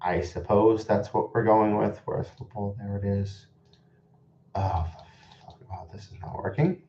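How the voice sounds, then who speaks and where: A young Dutch man speaks English with an American-tinged accent in a dark, mellow voice. He rambles through a live reaction stream in a chatty, exasperated way. The sound is slightly dull and echoey, with faint noise behind. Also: on the low side, steady tone, unhurried. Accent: American-influenced English. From Netherlands.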